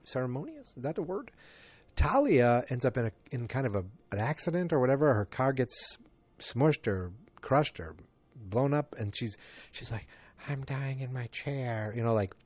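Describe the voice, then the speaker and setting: A man's voice: medium pitch, big pitch swings, normal speed, a little mellow, breathy edge. A man hosting a casual movie review podcast, talking in a loose, rambling way with lots of fillers and restarts. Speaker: podcast host.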